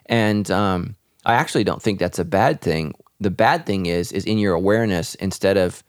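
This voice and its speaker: A man's voice: deep voice, normal speed, no room sound, clean studio sound. A man, a pastor, speaking earnestly and reflectively in a podcast conversation about faith.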